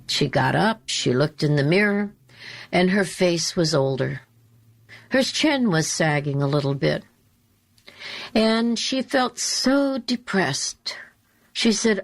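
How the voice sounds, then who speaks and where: A middle-aged woman hosts a radio talk show in a fairly low voice, and she tells a story at an unhurried, measured pace. She is emphatic and deliberate, and she comes back to her key phrases again and again. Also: lively intonation, vocal fry. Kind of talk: storytelling monologue.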